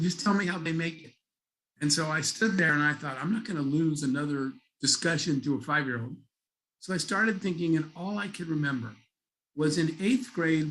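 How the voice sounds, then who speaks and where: A man's voice: on the high side, fairly bright tone, rough recording. A middle-aged man giving a keynote talk, telling a story and acting out the dialogue. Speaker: keynote speaker. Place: conference stage.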